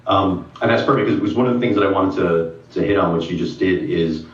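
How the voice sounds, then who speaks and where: A man's voice: deep voice, brisk. A man co-hosting a spiritual talk show, speaking in an affirming, encouraging way. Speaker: co-host. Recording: distant, echoey, dull sound with faint music.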